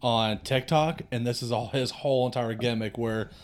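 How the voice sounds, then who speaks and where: A man co-hosting a podcast, explaining things in a relaxed, rambling way. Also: medium pitch, normal speed. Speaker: podcast co-host. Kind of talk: casual chat.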